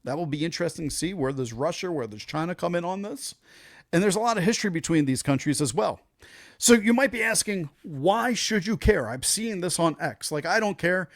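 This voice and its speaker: A man's voice: high voice, lively intonation, brisk, no room sound, studio quality. A man hosting a show, giving casual opinion commentary in an emphatic, conversational way with loose fillers. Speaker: show host.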